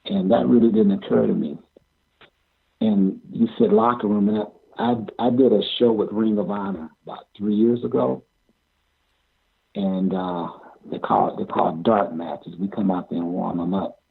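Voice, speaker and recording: An older man recounts his wrestling days in a low, gravelly, husky voice. He talks haltingly, circles back on his words and chuckles as he goes. The sound is thin and tinny, like a phone line. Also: steady tone. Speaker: amateur pro wrestler. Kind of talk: interview storytelling.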